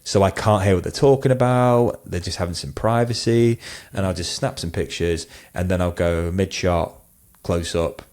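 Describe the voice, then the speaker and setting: A man's voice: low voice, fairly even intonation, moderate pace, hardly any pauses, darkish tone. A man, a wedding photographer, talking casually on a podcast, rambling with lots of fillers and restarts.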